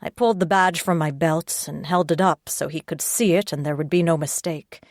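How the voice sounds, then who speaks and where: A woman reads a first-person audiobook in a low voice with a terse, hard-boiled edge. The sound is dry and close, with no room around it. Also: moderate pace, no room sound. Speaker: audiobook narrator.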